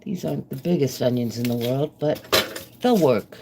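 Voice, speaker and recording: A middle-aged woman live-streams from her home kitchen, cooking while chatting casually with viewers in a rambling, friendly way. Her voice is very deep and gravelly, at a moderate pace. Kitchen noise sits under her speech, with chopping and clicks in the background.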